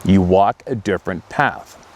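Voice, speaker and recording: A man voicing a gentle, protective hairy forest beast with a rough, stern voice in a spoken story. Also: deep voice, measured pace, slight background noise.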